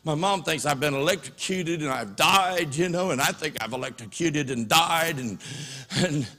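A man's voice: fairly high pitch, normal speed, sharp tone. A man preaching a sermon, telling a personal story in a conversational way and often checking in with his listeners. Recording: long hall reverb.

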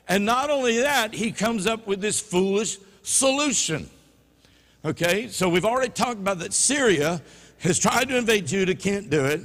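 A man with a Louisiana Southern accent preaches a sermon, his high voice leaping across a wide range. He drops to low murmurs, then climbs to loud, emphatic peaks. The sound carries the long reverb of a church hall. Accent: Louisiana Southern American. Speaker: pastor. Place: church sanctuary.

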